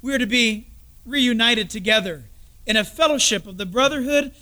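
High bright-voiced male preacher. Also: normal speed. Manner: storytelling preacher, drops to soft confiding asides. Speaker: pastor. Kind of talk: sermon.

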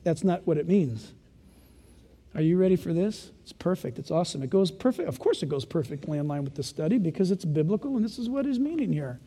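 An older man preaching a sermon as pastor, animated and playing out the voices of his listeners. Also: high voice, a little fast, slightly rough. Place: church. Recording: long reverb of a church hall.

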